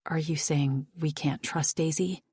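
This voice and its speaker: Casting: an evasive, secretive woman read by a woman narrator, low husky tone, dry close sound. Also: steady tone, unhurried, no echo. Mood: guarded. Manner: evasive, quiet. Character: guarded, secretive woman, old friend.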